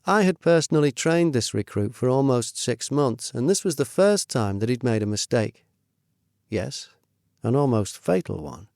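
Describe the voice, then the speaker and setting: A middle-aged man reading his own memoir in a measured, steady storytelling voice. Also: mid-range voice, vocal fry, dry recording, clean studio sound. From United Kingdom. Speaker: narrator. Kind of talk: first-person memoir narration.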